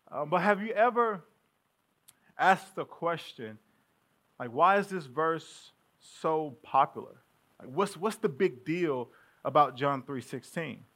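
A male pastor preaching a sermon in a relaxed, conversational way, calling the congregation family. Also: sits high. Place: church sanctuary.

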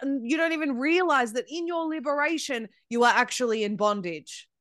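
Podcast guest: Australian-raised woman, fairly high voice, emphatic, scornful, halting restarts, dry close sound. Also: fairly bright tone, dry recording. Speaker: guest, media founder. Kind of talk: podcast conversation.

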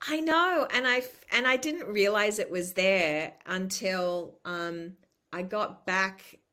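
Aussie woman in her 50s, bit of an american twang, chatty and open, laughs a lot, bright voice. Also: mid-range voice, takes it slowly. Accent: Australian with a slight American lilt. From Australia. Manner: candid and animated, with frequent restarts and laughter. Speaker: guest. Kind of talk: casual conversational interview.

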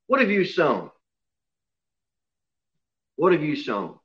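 A man delivering an expository church sermon, swinging from hushed, low solemn lines to loud, raised emphasis. His voice sits at an ordinary middle pitch. The recording sounds a bit dull and lo-fi. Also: big pitch swings, slow. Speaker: pastor. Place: church sanctuary.

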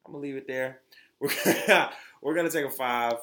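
A man's voice: medium pitch, fairly quick, pushed and bright. A young man hosting his own podcast, talking bluntly and with lots of profanity, often restarting his sentences. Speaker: podcast host. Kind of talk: opinionated solo podcast talk.

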